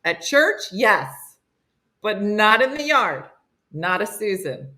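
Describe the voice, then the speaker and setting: A woman's voice: mid-range voice, big pitch swings, slow pace, bright, forceful tone. A woman hosting a comedy morning show, laughing often and teasing as she reads out listener messages. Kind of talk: casual comedic chat.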